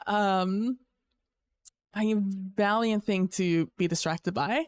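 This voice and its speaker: A woman streaming live and chatting with her viewers in an unhurried, drawn-out way. She complains with theatrical exasperation and groans between her sentences. Her voice sits at a middle pitch. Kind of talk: casual live-stream chat.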